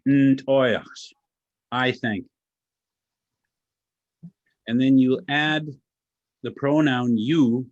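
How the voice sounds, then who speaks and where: This Alaskan language teacher speaks at a medium pitch, recorded with no echo and dull audio. In a lecture that takes audience questions, he patiently explains pronunciation one step at a time, joking about himself in a dry way.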